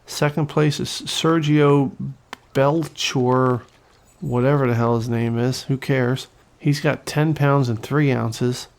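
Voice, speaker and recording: A man giving casual, excitable commentary over a fishing video game, joking around and swearing when a fish gets away. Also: mid-range voice. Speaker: gaming channel host.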